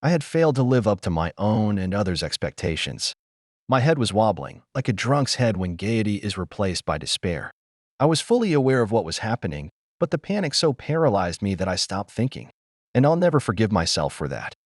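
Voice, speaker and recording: Guy reading a war memoir, serious and measured, pitch moves around a lot, dry close mic. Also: sing-song, no echo. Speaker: narrator. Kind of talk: scripted first-person war memoir narration.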